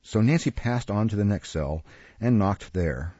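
A man reading a classic novel aloud as an audiobook narrator in a measured way. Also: lowish voice, animated, warm tone, no room sound, dull audio. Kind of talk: scripted narration.

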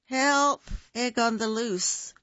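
A storyteller voicing a big, soft-hearted male bear who cries out in high, excited panic. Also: takes it slowly, dry recording, highs cut off. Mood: panicked.

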